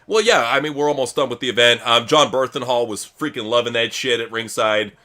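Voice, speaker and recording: A man co-hosting a live wrestling watch-along, giving excitable, profane play-by-play and chatting between moves. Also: mid-range voice, fairly quick. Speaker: co-host. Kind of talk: live reaction commentary.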